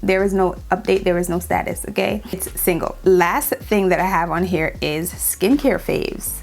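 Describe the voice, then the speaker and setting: A woman's voice: on the low side, normal speed, vocal fry, darkish tone, soft background music. A young woman with a New York accent chatting casually in a Q&A vlog, sassy and repeating lines for emphasis. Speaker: beauty YouTuber.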